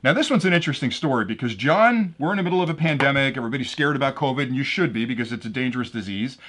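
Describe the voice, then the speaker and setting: A man's voice: medium pitch, expressive, racing, a bit bright. A man hosting his own channel, casually announcing giveaway winners and telling jokes he laughs at himself. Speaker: drone channel host.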